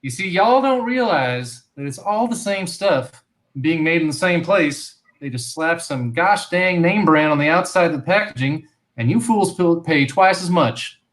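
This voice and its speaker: A man voicing a brash rural man with a put-on Southern US drawl, loud, scornful and folksy. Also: a little high, expressive, a little slow, voice pushed up, rough recording.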